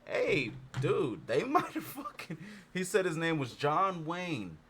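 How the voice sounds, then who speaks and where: A man's voice: fairly high pitch, huge pitch swings, slow, fairly bright tone, slight background noise. A man chatting casually, rambling and swearing as he works things out aloud. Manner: rambling, profane, thinks aloud. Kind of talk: casual chat.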